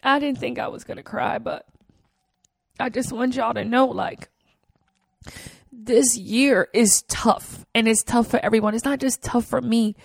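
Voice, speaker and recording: Heartfelt woman podcaster, gravelly edge. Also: fairly high pitch, fairly even intonation, a little slow, long pauses, dry recording, clean studio sound. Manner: earnest, heartfelt, with fillers and repeats. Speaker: podcast host. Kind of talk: emotional personal storytelling.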